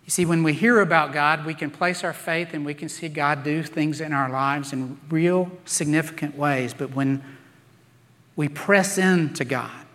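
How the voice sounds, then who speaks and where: A man's voice: on the high side, measured pace, fairly bright tone. A man preaching a sermon, telling Bible stories with playful acted-out voices. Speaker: pastor. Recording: long reverb of a large hall.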